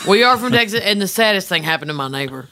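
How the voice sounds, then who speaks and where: A woman's voice: medium pitch, animated, fast, background noise. A woman performing in an improv comedy scene, brash and blurting.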